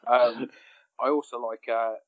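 A man's voice: medium pitch, fairly even intonation, a little slow, no echo, dull audio. A man co-hosting a casual film chat, often laughing as he retells scenes. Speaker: podcast co-host.

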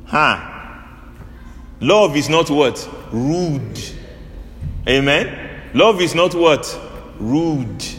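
A man preaching with a very lively, rising and falling pitch. He keeps asking his listeners questions and pausing for their replies. His voice rings with the long reverb of a church hall, and a faint ambience sits underneath. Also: slight background noise. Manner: animated call-and-response preaching. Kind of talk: sermon.

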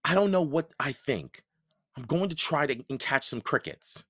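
A man's voice: fairly high pitch, animated, moderate pace, fairly bright tone, breathy edge, no echo, pitched above the performer's own voice. A puzzled young boy questions things in a lifted, searching tone, as a man reading a storybook puts him on. The voice sits close and dry.

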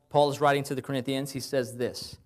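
A man delivers a sermon in an easygoing, conversational way, with a voice of middling pitch for a man. He asks his listeners rhetorical questions and slows down to give each Bible reference. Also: fairly even intonation. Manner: slows down to cite Bible verses. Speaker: preacher.

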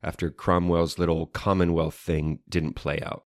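Deep-voiced man co-hosting a chatty show. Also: flat delivery, unhurried, no room sound, studio quality. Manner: playful, wordy, fond of learned terms. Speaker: podcast co-host. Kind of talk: casual chat.

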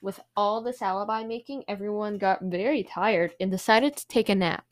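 A woman's voice: medium pitch, normal speed. A woman hosting a true crime podcast, telling the case in a chatty way with frequent fillers. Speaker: podcast host.

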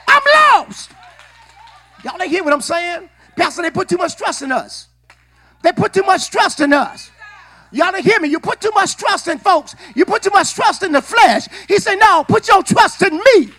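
A man preaching a sermon in a church, calling on the congregation to answer back. He often repeats and restarts his words, and he builds up to shouting. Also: extremely high pitch, animated, normal speed. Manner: call-and-response preaching, rising to shouts. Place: church sanctuary.

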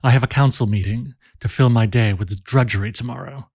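A man's voice: mid-range voice, brisk, darkish tone, husky, no room sound, studio quality, pitched below the performer's own voice. A male narrator voicing a gallant officer with polished, courtly manners.

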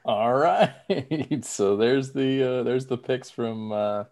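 A man on a casual sports podcast who protests loudly and laughs easily. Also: mid-range voice, takes it slowly. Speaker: podcast co-host.

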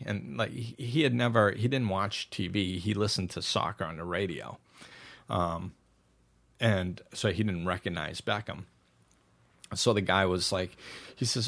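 A man's voice: lowish voice, moderate pace, vocal fry, a bit bright. A man hosting a casual, reflective chat, telling stories with lots of restarts and false starts. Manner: rambling storyteller with frequent restarts.

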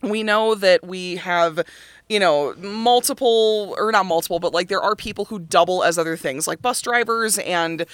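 A woman co-hosting a casual podcast about musical theatre, animated, laughing hard and cursing freely. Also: lowish voice, normal speed, no echo. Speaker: podcast co-host.

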